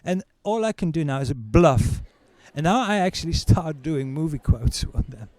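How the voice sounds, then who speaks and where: A middle-aged comedian tells his story on stage and acts out the people in it. His voice sits fairly high and swoops around with animated energy. The sound is dry and close. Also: normal speed, no room sound. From Britain. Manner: acts out others in high, loud put-on voices. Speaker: stand-up comedian. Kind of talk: stand-up storytelling.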